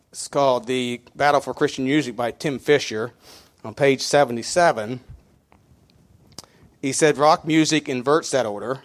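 A middle-aged man preaching a sermon as pastor, talking conversationally with many fillers and restarts, counting out beats aloud. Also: mid-range voice. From Mennonite community.

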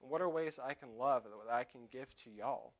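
A young man preaching a sermon in church, loud when quoting scripture and quieter and halting in his personal asides. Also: mid-range voice. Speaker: lay preacher.

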